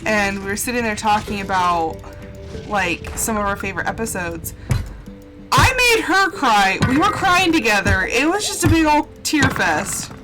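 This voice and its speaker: A woman's voice: mid-range voice, big pitch swings, moderate pace. A young woman chatting casually while she streams a game live, gushing and emotional, laughing often and exclaiming a lot. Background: game music.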